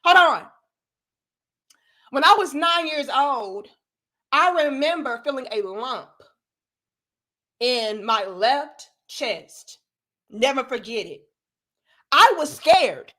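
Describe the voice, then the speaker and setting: Young woman, high-pitched, bright voice, blunt and profane live-stream rant. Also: expressive, takes it slowly, long pauses. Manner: blunt, profane, emphatic, addresses viewers directly.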